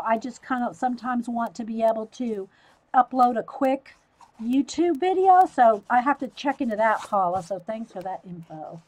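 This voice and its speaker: A livestream host with a Southern US accent chats casually with viewers while she draws, calling them by name and laughing often. Her voice is on the high side, and the recording quality is low.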